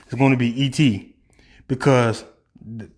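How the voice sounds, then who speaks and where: With a voice in the middle range, the man vlogs a heated, opinionated take on sports, his pace jumping between rapid spurts and slow, drawn-out stress.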